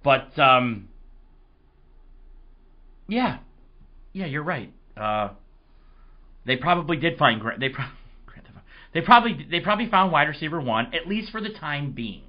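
A man hosting a casual sports podcast, his voice hoarse, telling rambling, excitable stories. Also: a little high, unhurried, long pauses, dull audio. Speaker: podcast host.

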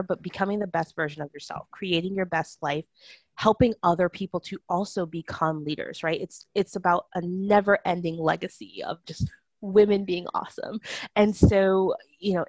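A woman's voice: fairly low pitch, dry recording. A woman guest who coaches on personality types, talking emphatically in an interview. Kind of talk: interview chat.

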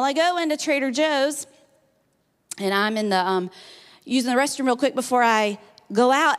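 A middle-aged woman, a guest speaker, telling a story in a chatty, animated sermon full of "like" and "you know". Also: on the high side. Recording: reverberant hall.

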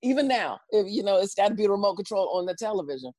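A woman guest telling a story in an interview, lively and expressive, acting out voices and laughing often. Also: medium pitch, rapid-fire, dry recording.

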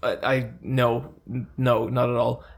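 A man with a gravelly, creaky voice co-hosts a casual podcast. He talks animatedly, swears freely and restarts his sentences often. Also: mid-range voice, level tone, a little slow. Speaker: podcast co-host.

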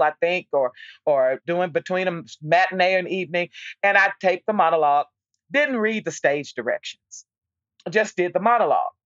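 Lively woman actor telling a story. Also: lowish voice, no room sound. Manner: lively storyteller, frequent restarts and repeated words. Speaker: stage actor. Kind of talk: casual storytelling in an interview. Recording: dull, lo-fi dry recording.

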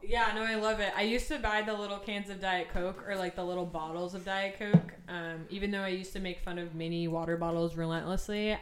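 A woman's voice: mid-range voice, steady tone, brisk, few pauses, heavy background noise. A woman co-hosting a podcast in casual chat, playful and full of "like" and "um". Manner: chatty, uses "like" and "um" a lot, playful. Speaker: podcast co-host.

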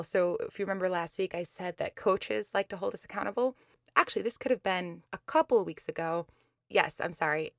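A woman with a fairly low voice hosts a motivational talk show as a podcast host, chattily sharing a personal story. She laughs often and acts out her own complaints, recorded with clean studio sound and no echo.

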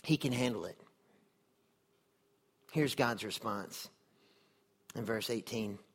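A man's voice: on the low side, takes it slowly, husky. A man preaching a sermon in an earnest, conversational way, often putting questions to his listeners. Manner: earnest, conversational, asks the audience many questions.

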